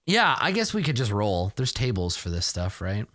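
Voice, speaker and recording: A man's voice: fairly low pitch, wildly swooping pitch, normal speed, pushed and bright, no echo, studio quality. A man narrating a solo tabletop role-play session in a casual, rambling way, with self-mocking asides. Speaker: solo game player and narrator.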